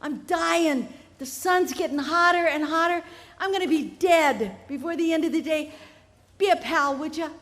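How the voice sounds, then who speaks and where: A sly male snake who coaxes and then gloats over his lie, voiced by a woman telling the tale. The voice sits high and carries a long tent reverb. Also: normal speed, fairly bright tone. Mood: wheedling. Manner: coaxing and smug. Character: sly lying male snake, smug and wheedling.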